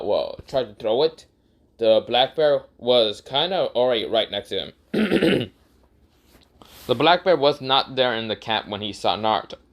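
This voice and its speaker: A man's voice: mid-range voice, fairly bright tone. Rambling casual male storyteller. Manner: rambling, casual, with fillers and self-corrections. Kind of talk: improvised fan story narration.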